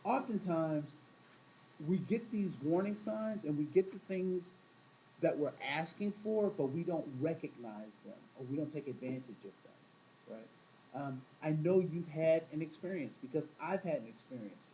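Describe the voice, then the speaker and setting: Man, teacher, warm dark tone, conversational lecture, faint hiss. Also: fairly high pitch, animated, unhurried, muffled recording. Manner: storytelling, asks the class questions, acts out quoted voices. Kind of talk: classroom talk to students.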